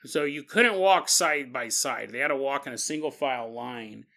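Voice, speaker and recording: A man hosting a paranormal podcast, telling a strange story in a casual, animated way with chuckles and conversational asides. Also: mid-range voice, moderate pace, vocal fry. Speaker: podcast host.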